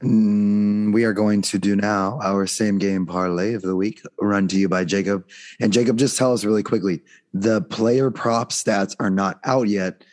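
A man hosting a casual sports betting chat, upbeat and leading the segments, his voice going hoarse. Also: lowish voice, steady tone, a little slow, darkish tone. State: losing his voice. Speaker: podcast host.

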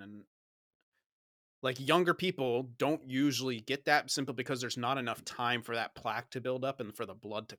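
A man's voice: medium pitch, a bit bright, no room sound, studio quality. A man in a casual sports chat, joking around and explaining things at length.

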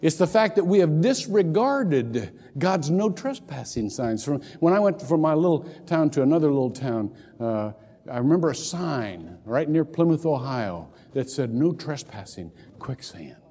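A man's voice: a little high, normal speed, breathy edge. An older man preaching a sermon as pastor, telling jokey stories with lots of repeated words. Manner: animated storytelling, jokey asides, repeats words. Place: church sanctuary. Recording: long hall reverb.

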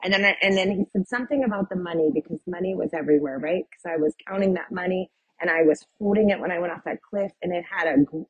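A woman's voice: lowish voice, quick pace, hardly any pauses, husky, no echo, highs cut off. A woman guest telling her personal testimony in a vivid retelling full of "like" and "um". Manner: vivid retelling, with many "like" and "um" fillers.

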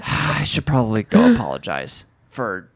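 A man's voice: medium pitch, moderate pace, breathy edge. This is a young man in his twenties telling a story on a casual podcast, with a voice in the middle of the usual range for a man. He talks loosely and swears a lot, and he jumps into the voices of the people in his story as he goes. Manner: animated, swearing, acts out quotes. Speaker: podcast co-host.

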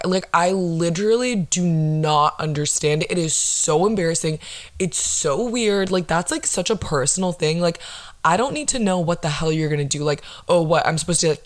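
A woman hosting her own solo podcast, ranting in a sarcastic, profane way full of fillers. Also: sits low. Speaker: podcast host.

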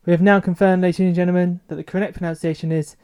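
A man's voice: sits high, little pitch movement, rapid-fire, a little mellow, clean tone. A man co-hosting a podcast in casual chat, enthusiastic and teasing. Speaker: podcast co-host.

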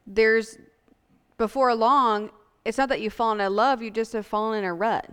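Smooth-voiced woman in a reverberant hall. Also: fairly high pitch, steady tone, normal speed, a bit bright. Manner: chimes in with practical asides. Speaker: pastor's wife, co-speaker. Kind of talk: sermon shared with her husband.

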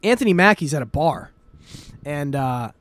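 Male podcast host, casual rambling storyteller, slightly high voice, dry close sound. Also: lively intonation, moderate pace, fairly bright tone, dry recording. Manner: rambling retelling full of "like" fillers and swearing. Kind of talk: casual chat.

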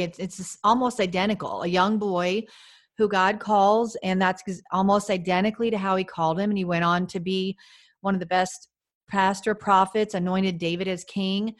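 Affirming woman host. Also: mid-range voice. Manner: affirming, brief responses. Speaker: podcast host. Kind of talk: interview.

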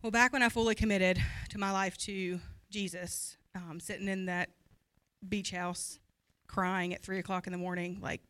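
A woman in her thirties giving a candid, earnest personal testimony to a church group, talking fast at times and laughing easily. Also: mid-range voice, bright, forceful tone, clear, resonant tone. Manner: open and earnest, quick when anxious, laughs easily. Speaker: pastor's wife sharing her story.

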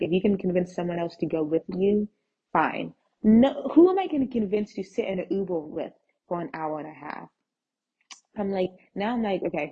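A young woman hosting a podcast, telling a casual story in an animated way and acting out the dialogue, on a dull lo-fi recording. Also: fairly low pitch, slightly rough. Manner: animated, acts out quoted texts and dialogue. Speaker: podcast host.

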